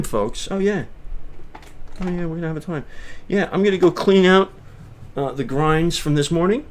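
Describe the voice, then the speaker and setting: A man from Long Island, chatting casually on his livestream in a rambling way that swings from mutters to loud bursts. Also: high voice, lively intonation, moderate pace. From Long Island, New York. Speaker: livestream host.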